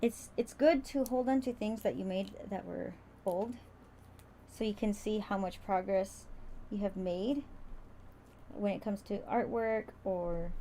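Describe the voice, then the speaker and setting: A woman's voice: mid-range voice, dark tone, slight background noise. A woman hosting a casual livestream tutorial, chatty and rambling, often stumbling over her words as she sews. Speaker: crafter streaming a sewing demo.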